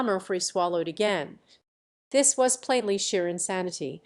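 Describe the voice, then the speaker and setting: A woman narrates a novel in a steady, measured storytelling voice. Her pitch sits in an ordinary middle range for a woman. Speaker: audiobook narrator. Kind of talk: scripted narration.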